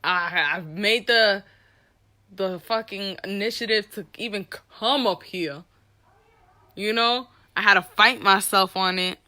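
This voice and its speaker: A young woman telling a candid personal story with an animated, profane delivery, acting out the people she quotes. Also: medium pitch, slow. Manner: animated, profane, reenacts dialogue.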